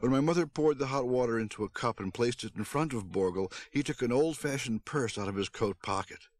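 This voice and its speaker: A man narrating a storybook aloud on his stream, with an expressive read-aloud delivery. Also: mid-range voice, a little fast. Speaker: streamer reading a book aloud.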